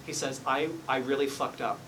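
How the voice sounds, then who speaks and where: A man's voice: medium pitch, fairly even intonation, normal speed, far from the mic, noisy background. A man working as a psychic medium, giving a live reading in a salon and politely apologizing as he relays messages. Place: hair salon, indoors.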